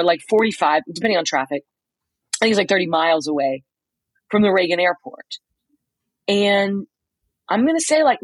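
A woman co-hosting a podcast from a motel room, telling a story in casual chat with quick asides. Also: medium pitch, breathy edge, dry recording, poor audio. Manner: chatty storyteller, quick asides and acted-out quotes. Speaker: podcast co-host reporting from a trial.

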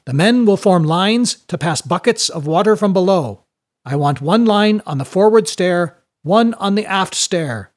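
A man voicing a brisk male first mate on a ship, making loud, clipped announcements with a husky edge. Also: a little high, expressive. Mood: urgent.

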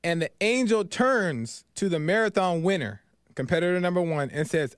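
A man's voice: fairly high pitch, expressive, moderate pace, fairly bright tone, clean tone, no echo, studio quality. A man hosting a podcast, earnestly retelling a parable and reflecting on it, often tagging lines with "right?" and repeating himself. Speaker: podcast host. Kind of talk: storytelling reflection.

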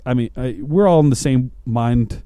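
A man rambles through his podcast sign-off in a loose, chatty way. His voice is mellow and rather dark, and it is recorded dry and close with no room sound around it. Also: medium pitch, moderate pace, no echo. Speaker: podcast host. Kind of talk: casual podcast outro.

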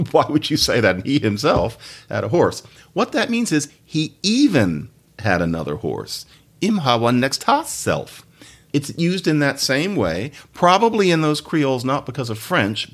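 A male podcast host giving a casual solo talk on language. His pitch swings widely as he chats, and he adds laughing asides. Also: breathy edge. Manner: animated, chatty, laughing asides.

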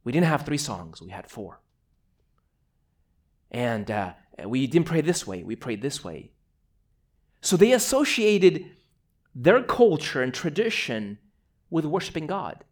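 Preacher, male, from Moldova, chatty sermon delivery, voice sits a bit high. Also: very animated, slow, pauses often. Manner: conversational, repeats words, casual asides.

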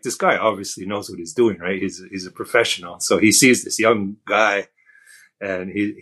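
Relaxed low-voiced man telling a story. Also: breathy edge. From Canada. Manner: relaxed, self-deprecating, frequent fillers. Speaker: guest. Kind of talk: casual storytelling.

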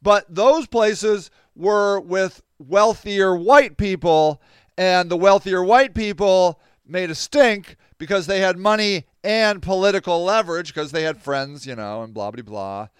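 A man's voice: high-pitched, a little slow, clear, resonant tone, dry recording, clean studio sound. A man hosting a podcast, reading news aloud and commenting on it in a casual, emphatic way. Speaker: podcast host.

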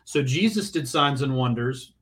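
A man appearing as a podcast guest, explaining theology in a measured way. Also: medium pitch, expressive, a bit bright.

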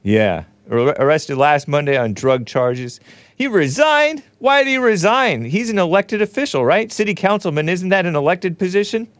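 A man's voice: high-pitched, expressive, normal speed, dry recording. A man in his forties hosting a show, giving casual, wry commentary on news clips with sarcastic asides. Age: 40s. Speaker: host.

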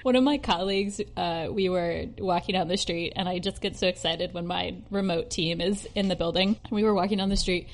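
A woman's voice: on the low side, brisk, hardly any pauses. A woman co-hosting a casual podcast, giggling often and swearing freely. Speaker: podcast co-host. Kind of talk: casual chat. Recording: faint background noise, home recording.

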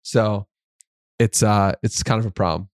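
A man's voice: lowish voice, fairly even intonation, measured pace, no room sound, studio quality. Easygoing podcast host, man. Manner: easygoing, laughs often. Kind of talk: casual podcast chat.

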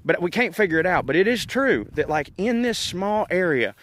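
Strolling outdoors under windy, overcast skies, this Southern-accented podcast comedian from North Georgia keeps up a casual, joking rant. His voice sits high at a moderate pace, and he stays rambling and animated, laughing a lot.

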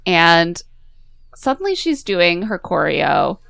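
A woman with a low, gravelly voice talks over a dry, close microphone. She recaps a film plot wryly in casual podcast chat. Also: sing-song, slow pace, a bit bright, no echo. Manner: wry, recapping the plot with acted-out quotes.

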